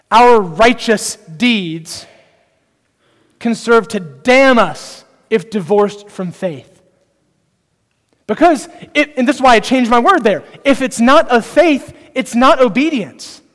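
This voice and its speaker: A high-pitched man preaches in an unhurried, deliberate way, leaning on rhetorical questions to draw in his listeners. His voice rings out with a long reverb from a church hall. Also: animated. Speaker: pastor. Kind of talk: sermon.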